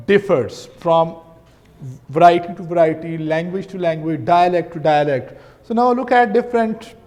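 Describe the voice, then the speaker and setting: A man's voice: sits high, a little mellow, big-room sound. A man with a Pakistani English accent giving a recorded lesson, explaining step by step and often checking with "right?". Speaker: linguistics teacher. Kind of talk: recorded lecture.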